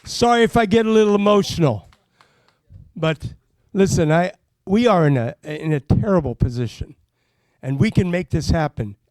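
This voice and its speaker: A Pennsylvania state legislator delivers an impassioned political speech that builds to loud, emphatic calls. His voice is high-pitched and expressive, at normal speed, with no room sound.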